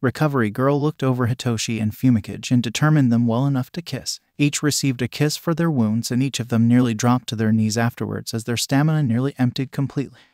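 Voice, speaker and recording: A man's voice: mid-range voice, fast talker, few pauses, darkish tone, no echo. Man narrating a fan story, dry.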